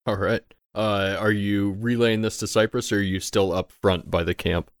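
Low, smooth-voiced male game master. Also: steady tone, normal speed, no echo, studio quality. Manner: loose and conversational, swears casually. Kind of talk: narrating a tabletop game.

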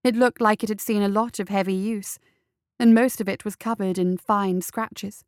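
A woman narrating a fantasy story in a measured, deliberate reading. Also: mid-range voice, fairly even intonation, dry recording, clean studio sound. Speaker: story reader.

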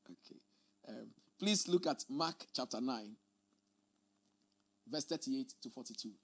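A man's voice: medium pitch, lively intonation, slow pace, fairly bright tone. A man preaching a teaching sermon, explaining scripture emphatically and often repeating his words.

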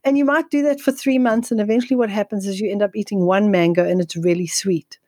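A woman guest speaking on nutrition in an interview, telling stories in a quick, energetic way with frequent restarts. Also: mid-range voice, no room sound. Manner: fast, energetic, with frequent restarts and repeated words. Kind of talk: conversational storytelling interview.

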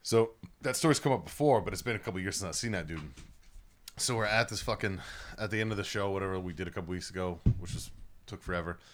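A man's voice: low-pitched, fast talker. A young man hosting a casual podcast, telling a long, profane story with lots of laughing. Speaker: podcast host.

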